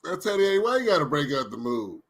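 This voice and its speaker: A man's voice: fairly high pitch, big pitch swings, fast talker. A man co-hosting a casual sports podcast, joking and laughing often. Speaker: co-host.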